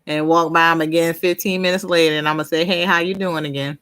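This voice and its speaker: A woman with a fairly low voice chats casually on a live stream, laughing often as she talks. She answers viewers' comments by name and tends to trail off and restart her thoughts mid-sentence. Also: steady tone, fast talker, fairly bright tone, clear, resonant tone.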